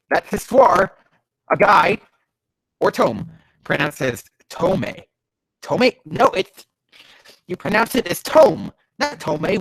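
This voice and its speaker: With a fairly high, breathy voice carrying vocal fry, a man tears apart bad fanfiction he's reading aloud, sounding stuffy from allergies. It's ranting comedic commentary, sarcastic, profane and exasperated, with bursts of yelling, on a dry recording.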